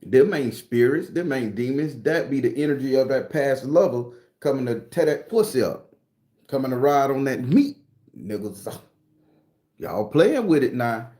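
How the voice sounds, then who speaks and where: A man's voice: medium pitch, lively intonation, moderate pace. A man, hosting a livestream and telling stories in a casual, profane way. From southern Florida. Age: 40s. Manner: loud greetings to viewers, profane slang. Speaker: livestream host. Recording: echoey room.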